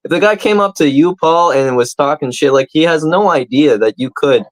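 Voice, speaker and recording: A man's voice: fairly high pitch, normal speed, no room sound, low-quality recording. A man co-hosting a comedy podcast, talking earnestly and asking pointed questions. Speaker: podcast co-host. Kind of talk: casual podcast chat.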